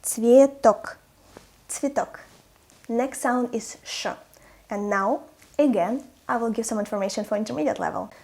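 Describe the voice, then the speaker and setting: A woman's voice: on the high side, vocal fry. Cheerful Russian-accented woman teacher. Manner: playful, encouraging, slow careful pronunciation. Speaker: language teacher. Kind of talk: language lesson to camera.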